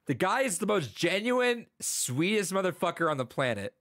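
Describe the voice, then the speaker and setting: A man hosting a podcast in casual chat, retelling a story in an animated, rambling way with many restarts. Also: high-pitched, normal speed, no room sound, clean studio sound.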